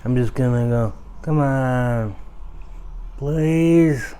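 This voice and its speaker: A man doing a slow, mumbling impression of an old, quiet and menacing male mob boss. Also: mid-range voice, a little hiss or hum.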